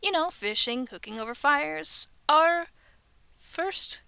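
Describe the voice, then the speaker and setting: A woman in her thirties with a high, bright voice and a gravelly edge reads scary stories aloud. She keeps stopping for chatty asides and drops into soft whispers. The recording is close and dry. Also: animated, takes it slowly, dry recording. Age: 30s. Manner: chatty, self-aware, often laughs and whispers asides. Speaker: streamer reading online stories. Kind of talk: casual reading with asides. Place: bedroom at home.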